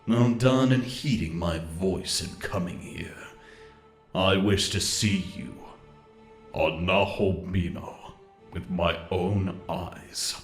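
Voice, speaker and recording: A deep, slow solemn archangel. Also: male voice, reverberant. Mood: solemn gracious. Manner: formal, reverent, archaic phrasing. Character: solemn, courteous male archangel. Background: faint game music.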